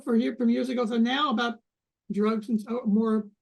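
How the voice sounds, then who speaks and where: Male interviewer, fry-heavy voice, stops and restarts his questions, keeps affirming. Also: extremely high pitch, little pitch movement. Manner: halting questions, brief affirmations. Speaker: interview host.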